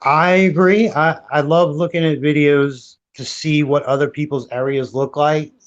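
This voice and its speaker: A man's voice: on the high side, fairly even intonation, a little slow. A man co-hosting a podcast, speaking in an easygoing, agreeable way. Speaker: podcast co-host. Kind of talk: casual podcast chat. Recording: dull lo-fi audio.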